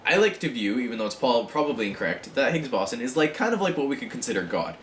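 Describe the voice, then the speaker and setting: A man talking casually in a rambling vlog monologue, with many fillers and frequent throat clearing. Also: mid-range voice, very animated, quick pace, fairly bright tone, reverberant, slight background noise. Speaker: vlogger.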